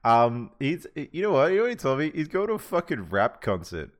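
A man's voice: mid-range voice, big pitch swings, brisk. A man hosting a casual podcast chat among friends, laid-back, swearing and laughing often. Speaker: podcast host.

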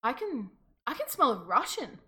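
A woman's voice: a little high, very animated, moderate pace, sharp tone, exaggerated voice. Woman doing a greedy cannibal witch crone. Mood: sniffing suspicious. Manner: demanding, indignant.

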